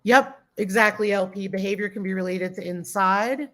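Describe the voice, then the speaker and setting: A woman's voice: mid-range voice, moderate pace. A woman hosting a casual live stream, greeting viewers by name, reading chat comments aloud and gushing with thanks. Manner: gushing and grateful toward viewers. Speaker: livestream host.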